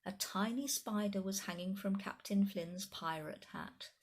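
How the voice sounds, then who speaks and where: A woman reading a children's picture book aloud in animated storytime narration, with chatty asides to the children listening. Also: medium pitch, measured pace, a little hiss or hum.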